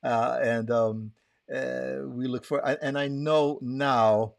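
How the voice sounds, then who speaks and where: A man hosting a video podcast, speaking warmly with many fillers and restarts as he wraps up. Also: medium pitch, fairly even intonation, takes it slowly, vocal fry, no echo. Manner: warm, hesitant, full of filler words. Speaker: podcast host. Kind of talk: casual chat. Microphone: video call.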